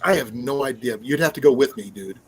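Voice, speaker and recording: A man's voice: mid-range voice, brisk, slight background noise, rough recording. A man hosting a casual live stream, chatting in a rambling way with many fillers and restarts. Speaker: livestream host.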